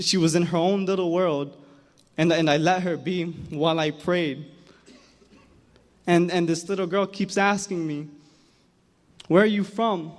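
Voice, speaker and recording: A young man telling a personal story on stage at an awards event, earnest and emotional, often repeating words as he goes. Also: on the high side. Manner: earnest, emotional, halting repetitions. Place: large hall. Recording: hall reverb from a big room.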